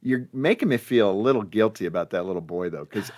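A man hosting a conversational interview, an animated storyteller who laughs often. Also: fairly low pitch, fast talker. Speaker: radio show host.

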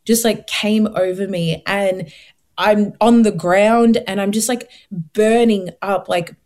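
A young woman, telling her faith story as an interview guest, earnest and animated, acting out her past thoughts. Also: mid-range voice, takes it slowly. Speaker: guest sharing her testimony. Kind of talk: emotional personal testimony.

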